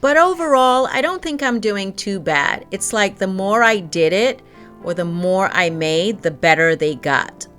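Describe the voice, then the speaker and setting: A woman's voice: on the low side, lively intonation, unhurried, fairly bright tone, faint music behind. A woman vlogger chatting casually and cheerfully about how her baking turned out. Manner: chatty, self-assessing, upbeat. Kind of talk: casual baking vlog chat.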